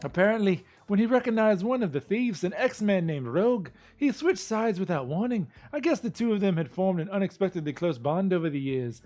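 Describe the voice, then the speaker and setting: A man's voice: high-pitched, expressive, brisk, few pauses, darkish tone, faint music behind, pitched above the performer's own voice. A man voicing a tough, sardonic woman monster hunter in a put-on Cockney British accent, reading game lore aloud in character. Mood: wry.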